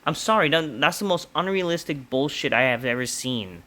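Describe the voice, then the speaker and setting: A man's voice: a little high, expressive, a little fast, pushed and bright. A young man casually reviewing a wrestling show, exasperated and profane, with lots of fillers like "like" and "you know".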